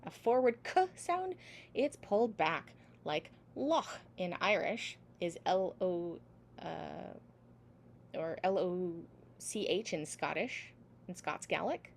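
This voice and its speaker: A woman singing teacher talks her online class through pronunciation at an unhurried pace. She sounds out each syllable slowly and patiently over a video call, with a faint hiss of noise underneath. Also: on the low side, expressive, vocal fry.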